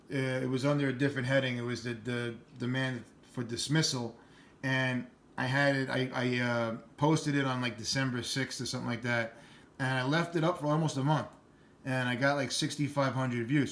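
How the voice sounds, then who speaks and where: A man's voice: fairly high pitch, a bit bright. A middle-aged man with a New York accent talking bluntly and rambling in a casual vlog. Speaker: channel host.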